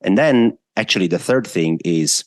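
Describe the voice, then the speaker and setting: Deep-voiced man explaining markets. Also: expressive, normal speed, darkish tone, dry recording, clean studio sound. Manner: emphatic, explains step by step with lists. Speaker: guest macro analyst. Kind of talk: explanatory interview answers.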